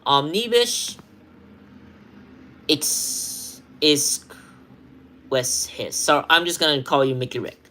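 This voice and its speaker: A woman reading a long list of follower names for a shoutout, halting with many ums and apologizing when she stumbles over names, then chatting casually to her followers. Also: sits low, big pitch swings. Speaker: social media creator.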